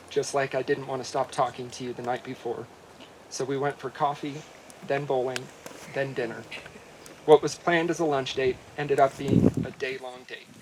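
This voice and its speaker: A man, the groom, reading his wedding vows in an earnest, heartfelt way, his voice softening at the tender lines. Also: mid-range voice, a little hiss or hum, low-quality recording.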